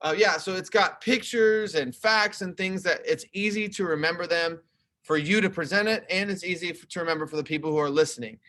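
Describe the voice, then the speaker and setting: A young man teaching his class over a video call, talking them through each point in a relaxed, explaining way. His voice is bright and a little high. It is recorded on a webcam mic at home. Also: fairly quick. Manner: explaining, conversational, talks through slides. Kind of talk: online class lesson. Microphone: computer webcam mic.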